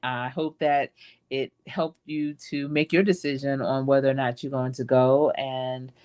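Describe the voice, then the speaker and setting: A woman's voice: rumbling low, fairly even intonation, a little slow, a little mellow, clear, resonant tone. A woman hosting a casual live stream, talking in a chatty, reflective and encouraging way and acting out quoted asides. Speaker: host.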